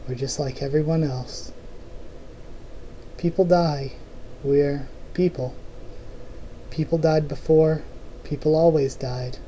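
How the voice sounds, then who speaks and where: A steady dying woman who talks calmly to the person she loves, read aloud by a man. The voice is mellow and a little higher than usual, the delivery plain, as if read from a comic page. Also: slight background noise, lightly acted, rough recording.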